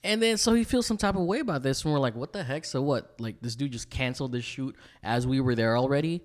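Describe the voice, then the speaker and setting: A man co-hosting a casual podcast, telling a story in an animated way and acting out the people in it. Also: medium pitch, quick pace. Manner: animated, acts out quoted people. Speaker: podcast co-host.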